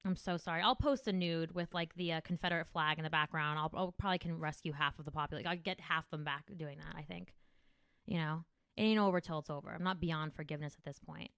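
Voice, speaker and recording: Woman comic from Jersey, lowish voice, dry close mic, rambling and profane. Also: fast talker, clean tone, dry recording. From New Jersey. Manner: profane, rambling, animated storytelling. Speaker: comedian podcast host. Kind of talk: casual podcast chat.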